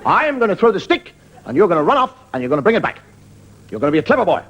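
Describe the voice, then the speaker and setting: A man putting on a shrill, fussy dog owner. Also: sing-song, racing, highs cut off, a little hiss or hum. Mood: coaxing. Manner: high, shrill calling and coaxing. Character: fussy male dog owner coaxing his dog. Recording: loud live audience laughter.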